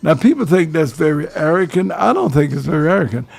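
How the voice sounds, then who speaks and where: A man's voice: a little high, animated, fast talker, gravelly, a little mellow, breathy edge. An older man, giving preachy advice on a talk radio show and calling his listeners fellas. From Georgia, US.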